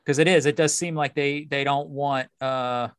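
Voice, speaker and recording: Laid-back guy cohosting a podcast, kinda high voice, dry sound. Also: steady tone, normal speed, smooth, no echo. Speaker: podcast co-host. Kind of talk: casual chat.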